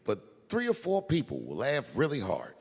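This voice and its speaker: A man doing stand-up comedy on stage at a large live venue, telling stories in a laid-back way with sudden loud outbursts. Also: mid-range voice, wildly swooping pitch, normal speed, slightly rough. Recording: echoey arena with crowd noise.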